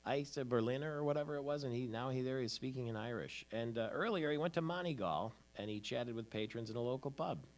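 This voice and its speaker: A man's voice: mid-range voice, quick pace, few pauses. A man hosting a morning show, chatting casually about the news with frequent fillers. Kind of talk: casual chat and news talk.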